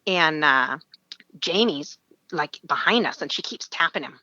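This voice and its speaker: A woman from Alaska recounts a wild hunting story as a podcast guest. Her bright voice jumps around as she acts out the others' lines and breaks into laughter. The sound is dry and a little muffled. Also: deep voice, normal speed, no room sound. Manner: animated, acts out quoted voices, laughs often. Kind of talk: storytelling in casual interview.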